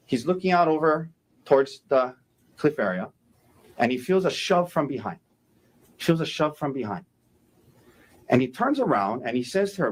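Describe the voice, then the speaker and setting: A man's voice: fairly high pitch, sing-song, brisk. A man, a defense attorney, giving a courtroom opening statement, emphatic and repeating key phrases for effect.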